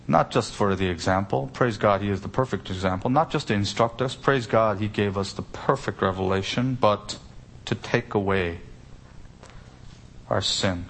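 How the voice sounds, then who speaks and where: A man's voice: on the low side, a bit bright. A man preaching an expository sermon, stressing key words with sudden lifts and asking rhetorical questions. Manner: explains Greek grammar with rhetorical questions. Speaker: pastor.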